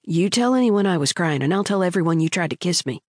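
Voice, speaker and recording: A scrawny schoolboy with a wicked grin and total confidence, teasing and half-blackmailing in a low, dry voice, as a woman narrator puts him on. He is a character in a romance audiobook, and the voice sits close and dry against the mic. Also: animated, quick pace, no echo.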